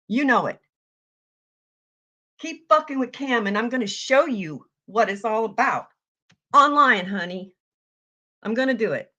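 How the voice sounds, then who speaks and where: A woman giving a heated, profane commentary rant, yelling at times. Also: fairly high pitch. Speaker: online commentator.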